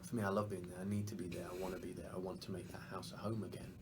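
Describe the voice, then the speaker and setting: A man's voice: low voice, little pitch movement, rapid-fire, background noise. A man with an English accent, an actor chatting animatedly in a press interview and laughing often. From England. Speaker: actor guest.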